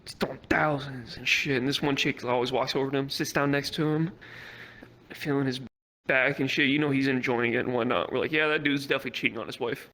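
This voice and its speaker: A man's voice: mid-range voice, steady tone, brisk, pushed and bright, rough recording. A young man doing stand-up at a virtual comedy club, telling a rambling, profane story full of fillers.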